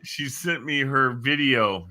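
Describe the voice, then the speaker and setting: A middle-aged man co-hosting a casual talk show, telling stories with lively acted-out grunts. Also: mid-range voice, slow pace. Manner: animated storyteller, acts out grunts. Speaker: co-host. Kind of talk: casual chat.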